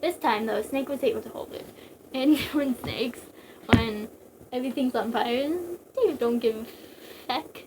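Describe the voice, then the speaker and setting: A woman's voice: a little high, a little slow, very noisy. A young woman casually reading a story aloud, breaking off for giggly jokes. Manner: giggly, joking digressions. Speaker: reader.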